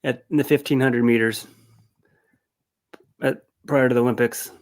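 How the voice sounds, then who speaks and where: A man co-hosting a casual sports recap, talking in a lively, animated way. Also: medium pitch, normal speed. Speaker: co-host.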